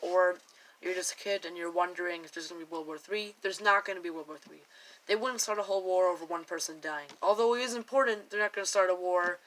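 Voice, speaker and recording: Young woman, from the US, bright voice, casual commentary, rambling with restarts. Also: mid-range voice, poor audio. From United States. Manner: rambling, self-correcting, with exaggerated mock quotes. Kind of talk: casual opinion commentary to camera.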